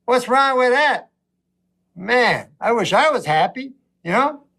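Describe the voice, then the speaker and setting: High-voiced man rambling through stand-up. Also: lively intonation, gravelly, sharp tone. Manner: rambling, meandering delivery with long pauses and self-interruptions. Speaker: stand-up comedian. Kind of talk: stand-up comedy set.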